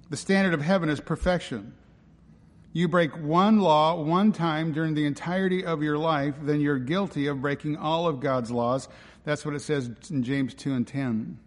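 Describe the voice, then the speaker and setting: A male pastor preaches with emphatic force, stacking rhetorical questions and repeated lines. His voice sits a little high for a man. It rings out with the long reverb of a large church hall. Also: steady tone, moderate pace. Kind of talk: sermon.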